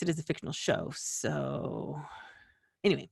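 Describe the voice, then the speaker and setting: A woman's voice: fairly low pitch, very animated, normal speed, vocal fry, breathy edge, dry recording, studio quality. A woman hosting a small-business video, from the western United States, talking in a chatty, rambling way full of asides and restarts. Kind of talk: casual rambling explainer.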